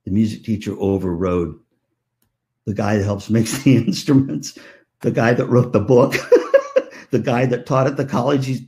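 At a conference keynote, a man tells stories playfully, acting out the voices of family members and joking with the audience. His voice sits at medium pitch with a steady, warm tone, moving at normal speed with frequent pauses.

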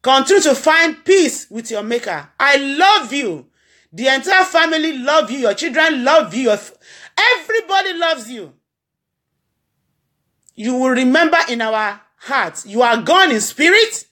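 She is a blogger and a grieving Nigerian-accented woman, giving her followers a heartfelt spoken tribute in which phrases repeat like a preacher's. Her high, somewhat bright voice moves at a measured pace with a sing-song lilt.

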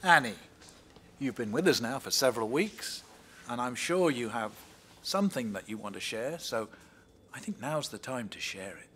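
An actor playing an earnest, quirky man who leads a support group with gentle encouragement. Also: mid-range voice, animated, moderate pace, a little hiss or hum. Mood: encouraging.

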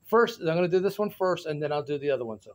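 A man vlogging from his bedroom in rambling casual chat, goofy and playful, bursting into loud shout-outs. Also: a little high, lively intonation, fast talker.

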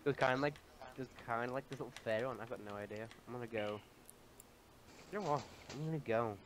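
A man's voice: medium pitch, fast talker. A man in casual gaming chat, rambling through a story, laughing and cursing often.

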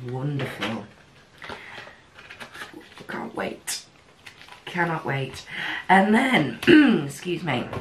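A woman from the UK chatting casually through a makeup unboxing, giddy, with gasps and breathy exclamations. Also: deep voice, a little hiss or hum. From United Kingdom. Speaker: beauty vlogger.

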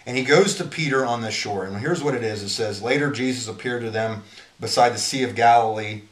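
A man's voice: medium pitch, brisk. Earnest man teaching scripture, echoey room. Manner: earnest, rambling, often restarts sentences. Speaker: Bible teacher and businessman. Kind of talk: informal Bible teaching.

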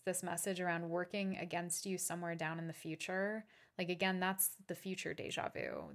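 Low, flat-voiced woman podcast host. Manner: earnest and reflective, with fillers and occasional swearing. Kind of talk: reflective solo podcast monologue.

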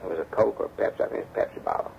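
A man telling a story from his past in an interview. He acts out the dialogue lively as he talks, on a damaged tape recording. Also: rapid-fire. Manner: animated storyteller acting out quoted dialogue. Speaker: interview guest, former bodyguard. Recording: dull damaged tape with faint hiss.

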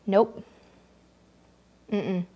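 A woman hosting a casual livestream, chatting brightly and reading out viewer comments with frequent laughs. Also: mid-range voice, extremely slow. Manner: bubbly, reads viewer comments aloud, laughs often. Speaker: livestream host.

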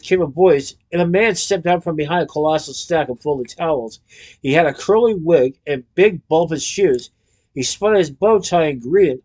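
A man narrating a children's storybook aloud in a lively, expressive way. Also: on the high side, moderate pace. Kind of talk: storybook reading.

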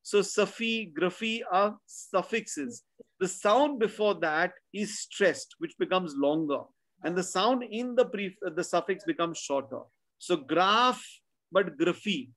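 A man's voice: high-pitched, normal speed, fairly bright tone. A man with an Indian English accent teaching pronunciation in an online class, checking in with "right?" after his points. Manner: explanatory, drills words by repetition, frequent "right?" checks. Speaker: spelling bee tutor.

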